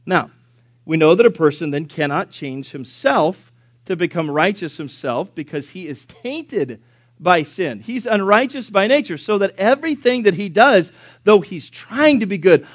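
Emphatic high-voiced preacher. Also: male voice, lively intonation, moderate pace, no room sound. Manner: emphatic, questions the congregation, swings from loud to hushed. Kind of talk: sermon.

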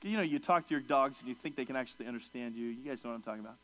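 A man preaching an expository sermon, moving from quiet asides to raised, emphatic passages and acting out the people he quotes. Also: very fast, poor audio. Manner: emphatic, swings from low asides to raised, excited delivery; acts out quoted speakers in pitched-up voices.

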